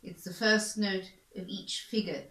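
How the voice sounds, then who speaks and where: A woman's voice: medium pitch, steady tone, unhurried, a bit bright, echoey room, soft background music, poor audio. A woman violin teacher patiently explaining bowing practice, repeating points and encouraging the student. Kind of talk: instructional explanation.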